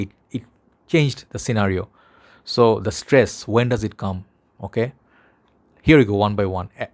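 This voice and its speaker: A man with a Bangladeshi accent talks to camera in a fairly low voice. He rambles earnestly, as if chatting with a brother. It is a casual one-on-one vlog monologue. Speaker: fragrance vlogger.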